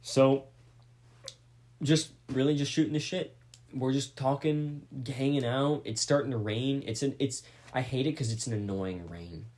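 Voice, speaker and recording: A man's voice: medium pitch, unhurried. Profane young man telling a story. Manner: rambling, profane, animated retelling. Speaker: podcast co-host telling a story. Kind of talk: casual storytelling chat.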